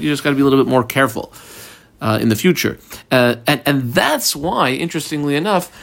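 A man teaching a relaxed Talmud class, conversational and rambling with frequent ums, guiding listeners through marks on the page. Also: medium pitch, creaky. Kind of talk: casual daily page class.

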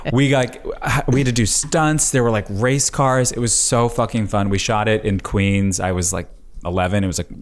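A man's voice: lowish voice, steady tone, moderate pace. A young man from Long Island co-hosting a comedy podcast, telling stories with many likes and ums in casual chat. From Long Island, New York. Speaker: podcast co-host.

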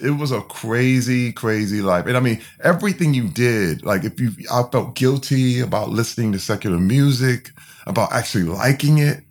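A man from Flint, Michigan, talks at an ordinary middle pitch as a podcast guest. His delivery is candid and emphatic. He often circles back, restarts his sentences and leans on fillers while he tells his story. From Flint, Michigan, USA.

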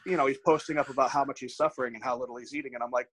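A man's voice: medium pitch, very fast, husky, no echo, rough recording. A man, a bodybuilding coach, telling candid stories in a casual podcast chat, swearing freely and acting out the dialogue. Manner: candid, profane, animated anecdotes with quoted dialogue.

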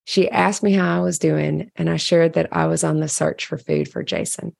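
A woman's voice: sits low, steady tone, normal speed, vocal fry, a little mellow, no room sound, clean studio sound. A woman candidly narrating a personal diary entry, reflective and storytelling. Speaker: caregiver sharing a diary entry.

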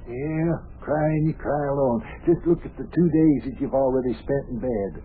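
An actor playing a folksy, hearty small-town mayor who gives cheerful pep talks, on an old radio show. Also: male voice, mid-range voice, moderate pace, lightly acted. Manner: folksy, hearty, calls people buster and lad. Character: folksy older male mayor, cheerfully bossy. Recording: tinny old radio broadcast with faint hiss.

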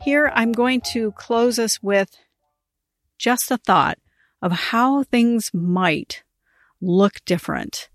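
Middle-aged woman hosting a church podcast, chatty and animated, laughs a lot, dry close mic. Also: a little high, slow, no room sound, faint music behind. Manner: animated, laughs while telling stories. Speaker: podcast host, ministry coach. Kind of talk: casual storytelling monologue.

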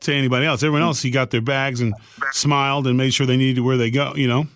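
A man's voice: mid-range voice, little pitch movement, fast, a bit bright, no room sound, studio quality. A man co-hosting a podcast, telling a story earnestly in casual chat and voicing the people in it. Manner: earnest storytelling with voiced quotes. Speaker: podcast co-host.

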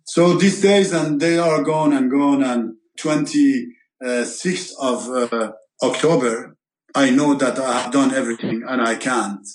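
A man recounts his past as an interview guest, pausing often, restarting his sentences and reaching for the right words. His voice sits at an ordinary middle pitch. The recording has a noticeable roomy echo around him. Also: fairly even intonation. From Iran. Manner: halting, searching for words, many fillers and restarts. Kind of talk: storytelling interview.

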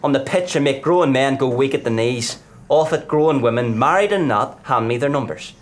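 A man acting as a tormented young footballer star in a live pub play, bitter and self-mocking, drinking to hide from his fame. His voice sits at an everyday middle pitch runs through his brooding lines. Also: animated, moderate pace, close to an everyday voice. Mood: boastful bitter. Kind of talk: live stage play performance. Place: pub performance.

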